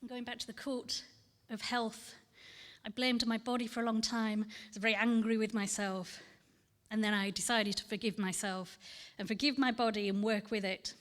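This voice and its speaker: A woman reading her poems aloud and talking candidly between them at a festival event, earnest and measured. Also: a little high, a bit bright. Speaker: poet. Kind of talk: poetry reading with personal talk. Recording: long hall reverb.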